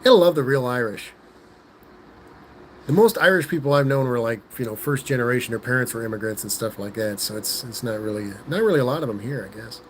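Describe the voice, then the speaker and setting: A man's voice: mid-range voice, a little fast, slight background noise. A man with a Southern Californian accent hosting a casual livestream, reading out viewer comments in a laid-back way, talking into a phone he holds in his hand. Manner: laid-back, says "like", "rad" and "dude" a lot. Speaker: host reading live chat. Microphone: phone held in hand.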